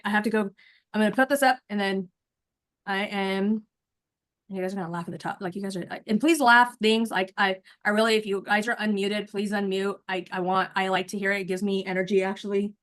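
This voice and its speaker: A woman in her forties, a nurse coach, chatting in an animated way straight to her listeners on a video call before rehearsing a speech. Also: medium pitch. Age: 40s. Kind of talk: casual chat, then rehearsing a speech.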